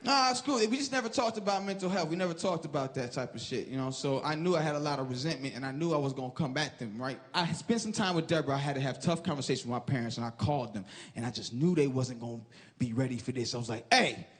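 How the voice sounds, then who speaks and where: A man in his thirties performs an animated stand-up set on a club stage, talking fast at a medium pitch and shouting punchlines into a handheld mic. He breaks into loud impressions, and the live recording captures crowd laughter and noise.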